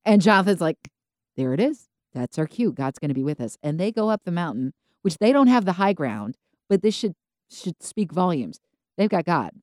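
A woman co-hosting a podcast, telling Bible stories casually and acting out the characters in quick voices. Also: lowish voice, dry recording, studio quality. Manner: animated storytelling, acts out biblical characters in quick voices. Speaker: podcast co-host.

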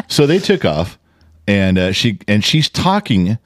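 A man tells a story on a podcast in a low voice that swings widely in pitch. He curses freely and acts out what others said. The sound is dry and close. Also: unhurried, no echo. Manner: animated, profane, acts out quotes loudly. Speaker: podcast co-host. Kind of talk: casual storytelling chat.

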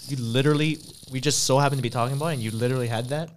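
Guy hosting a podcast, mid pitch, rambly and loose, says like a lot. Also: steady tone, racing, slight background noise. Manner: rambling, heavy on "like" fillers. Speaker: podcast host. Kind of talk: casual chat.

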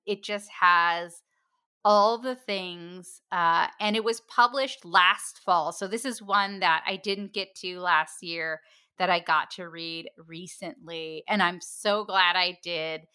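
A woman's voice: mid-range voice, pushed and bright, smooth. A woman co-hosting a book podcast, recommending a novel in casual chat and joking about her own pronunciation. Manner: unhurried, self-deprecating about pronunciation. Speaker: podcast co-host.

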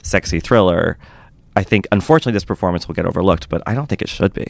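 A man's voice: low-pitched, quick pace, vocal fry, no echo. A man co-hosting a film podcast in casual, enthusiastic chat, full of fillers and restarts.

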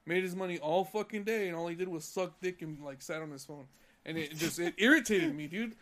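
A man's voice: sits high, fairly quick, fairly bright tone. Heated, swearing young man telling a work story. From California. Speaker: podcast co-host. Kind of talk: casual podcast chat.

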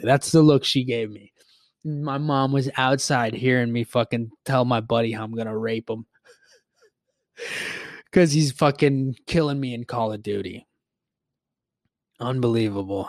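A man in his twenties hosting a podcast, telling a story in a rambling, profane, animated way. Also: medium pitch, no echo, studio quality. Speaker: podcast host. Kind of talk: casual storytelling monologue.

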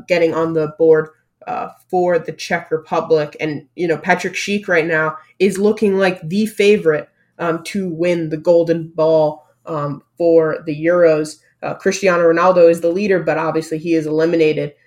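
Casting: podcast co-host, mid-pitched voice, calm methodical football recap. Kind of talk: casual sports chat.

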